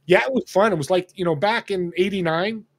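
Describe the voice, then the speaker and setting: A man in his sixties from Northern California, a podcast guest telling a story in an animated way and acting out the people he quotes. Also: high-pitched, brisk. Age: 60s. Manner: animated, acts out quoted dialogue. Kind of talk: casual storytelling.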